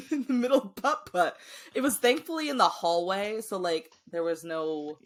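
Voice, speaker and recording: A woman co-hosting a podcast, telling a story in casual chat, animated and laughing often. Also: medium pitch, normal speed. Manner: animated, laughs often, acts out voices in quotes. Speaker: podcast co-host.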